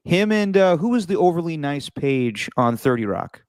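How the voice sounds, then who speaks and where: A man hosting a podcast, telling a travel story in a casual, animated way with frequent restarts. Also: a little high, normal speed, a crowd in the background. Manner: animated, repeats words and restarts while telling stories. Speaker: podcast host.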